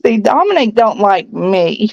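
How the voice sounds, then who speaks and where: A woman's voice: medium pitch, big pitch swings, gravelly, no echo, muffled recording. A woman with a Southern US accent, chatting and giggling often in a casual late-night group call. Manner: giggly, slow drawl. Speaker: chat participant.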